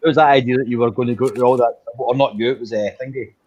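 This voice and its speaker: Male panelist, husky, muffled sound, dry mockery. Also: medium pitch, fairly even intonation, quick pace, darkish tone. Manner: dry, mocking, sweary. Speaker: panelist on a chat stream. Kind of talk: casual chat.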